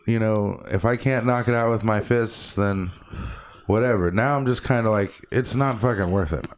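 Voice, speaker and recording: A man co-hosting a podcast in casual chat, talking bluntly, swearing often and getting animated as he tells stories. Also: fairly low pitch, moderate pace. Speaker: podcast co-host.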